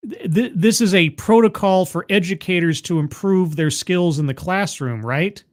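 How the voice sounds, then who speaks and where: A man's voice: high-pitched, normal speed. A man hosting a livestream, commenting on a video in a sarcastic, incredulous way with frequent stammering restarts. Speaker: livestream host reacting to a video. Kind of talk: casual commentary.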